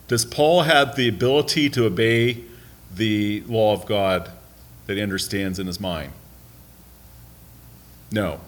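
A man's voice: fairly low pitch, a bit bright. An American man leading a Bible study class in a conversational way, asking the group questions and making light asides. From United States.

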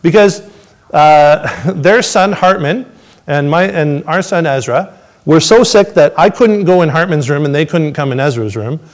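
A man telling his testimony to a congregation, swinging between excited storytelling and hushed, reflective moments. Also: on the high side, measured pace. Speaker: father sharing a testimony.

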